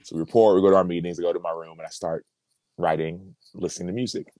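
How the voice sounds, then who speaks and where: A man with a very low, deep voice tells a personal story as a podcast guest. He speaks earnestly and reflectively, circling back on words as he works through a thought. The sound is dry and close, with no room in it. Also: fairly even intonation, fast, warm tone, dry recording. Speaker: podcast guest, former pro football player.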